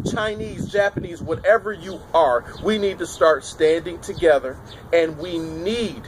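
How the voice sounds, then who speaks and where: A man with a somewhat high voice delivers opinionated political commentary, stressing and repeating his points. He is recorded outdoors on a city street on a camera mic. Gusts of wind and passing cars sit clearly under his voice. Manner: emphatic, repetitive phrasing. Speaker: political vlogger. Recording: wind and traffic noise outdoors.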